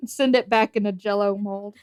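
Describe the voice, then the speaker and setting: A woman from Indiana co-hosting a casual podcast chat, agreeable and quick to laugh. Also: medium pitch, animated, a little mellow, no room sound, studio quality. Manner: laughing, agreeable, many yeahs. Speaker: podcast co-host.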